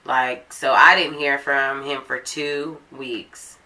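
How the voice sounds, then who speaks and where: A woman's voice: extremely low pitch, steady tone, slow pace, bright, forceful tone. A woman vlogger chatting through a personal story in a casual, blunt, profane way.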